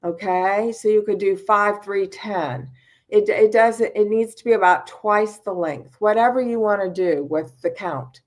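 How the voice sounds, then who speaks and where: A middle-aged woman teaching mindfulness over a video call. She speaks slowly and calmly, and her voice sits at an average pitch. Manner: unhurried, calm instructive tone. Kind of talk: mindfulness talk with guided breathing.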